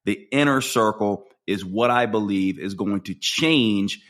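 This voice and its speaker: A man's voice: on the low side, a little slow, a bit bright. A man, the podcast host, reading an upbeat promotion that speaks directly to listeners. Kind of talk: promotional read.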